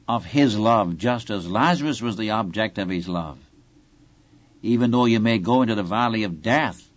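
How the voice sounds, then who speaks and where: A man's voice: fairly low pitch, no room sound. Earnest male Bible preacher, lo-fi recording. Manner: earnest, expository, addresses listener directly. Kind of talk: Bible-teaching sermon.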